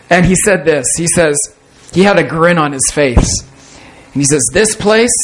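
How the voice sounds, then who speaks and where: A man preaching in a loose, conversational way, with a voice sitting a little higher than most men's. He pokes fun at himself and keeps restarting sentences as he talks to his congregation. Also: moderate pace, a little hiss or hum, rough recording. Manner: conversational, self-deprecating, with repeated restarts. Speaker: pastor. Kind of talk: sermon.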